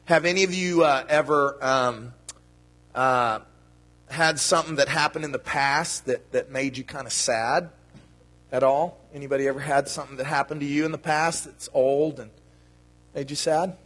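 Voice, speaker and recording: Speaking at a moderate pace with a steady, slightly bright medium-pitched voice, a man delivers a children's sermon in church. He addresses the kids in a friendly, playful way, and the church hall adds a long reverb.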